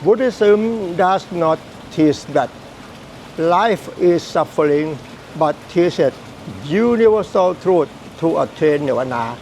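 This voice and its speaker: High, gravelly man. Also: expressive, a little mellow, slight background noise, poor audio. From Thailand. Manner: repetitive, halting, emphatic phrasing. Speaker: Buddhist teacher. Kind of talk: dharma teaching.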